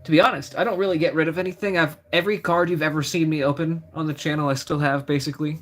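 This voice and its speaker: A man's voice: fairly high pitch, steady tone, fast, a bit bright. A young man chatting casually on a live stream, reading out card names as he opens packs and answering his chat. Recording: faint music behind the voice.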